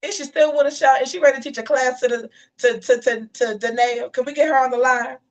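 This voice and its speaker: A woman's voice: high-pitched, fast, far from the mic. Sassy woman hosting a live chat show. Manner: animated, sassy, talks back to chat. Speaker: host of a live commentary show. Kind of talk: livestream commentary reading chat.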